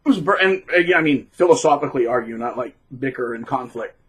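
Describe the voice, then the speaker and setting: A man talking casually to camera in a rambling, animated way, with frequent restarts. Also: medium pitch, fast talker, slightly rough, low-quality recording. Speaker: middle school teacher, vlogger.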